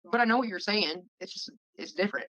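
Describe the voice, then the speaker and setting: A woman's voice: mid-range voice, fast talker, fairly bright tone, dull audio. A woman chatting casually and rambling, laughing and swearing as she talks. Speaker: streamer chatting with viewers. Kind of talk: casual livestream chat.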